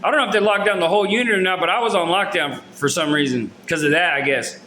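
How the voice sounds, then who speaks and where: Bright, high-voiced man telling a rambling story. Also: quick pace, slight background noise. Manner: rambling and slangy, many fillers and restarts. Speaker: storyteller recounting his own experiences. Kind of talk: casual storytelling to camera. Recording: roomy echo.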